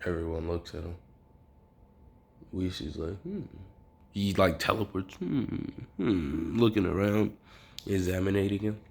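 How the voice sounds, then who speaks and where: A man's voice: low-pitched, level tone, normal speed, gravelly, long pauses, darkish tone. A young man telling a casual, improvised fan story, rambling and breaking off into asides. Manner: rambling, with self-interruptions and asides.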